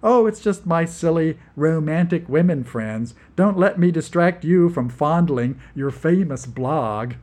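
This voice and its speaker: A man voicing a gawky young woman physics enthusiast who speaks in a bright, flustered way. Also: a little high, lively intonation, a little slow, hardly any pauses, pitched above the performer's own voice.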